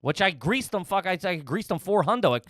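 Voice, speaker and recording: A man's voice: high-pitched, expressive, brisk, fairly bright tone, no room sound, studio quality. Rambling, profane man telling a story. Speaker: podcast co-host. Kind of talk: casual comedic storytelling.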